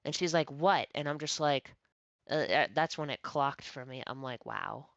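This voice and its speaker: A woman's voice: low-pitched, normal speed, no echo. Swearing storyteller woman, dull lo-fi mic. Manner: animated, swearing, acts out quoted dialogue. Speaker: streamer. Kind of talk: casual storytelling chat. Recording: dry, dull lo-fi stream audio.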